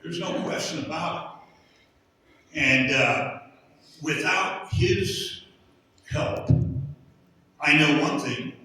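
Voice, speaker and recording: A middle-aged man sharing his recovery testimony in a halting, rambling way with many fillers. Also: a little high, sharp tone. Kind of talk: personal testimony. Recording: echoey hall from far off.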